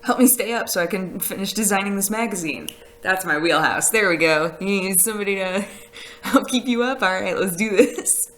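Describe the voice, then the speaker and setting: A woman's voice: mid-range voice, normal speed, a bit bright, low-quality recording. A woman chatting casually on a live stream, rambling with fillers and laughs as she reads messages from chat. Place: house with a conservatory.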